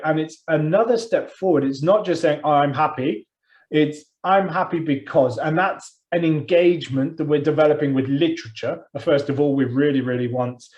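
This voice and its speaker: A man's voice: on the high side, a little mellow, dull audio. A man co-hosting a teacher training webinar, jokey and self-deprecating in a loose, chatty way. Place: online webinar.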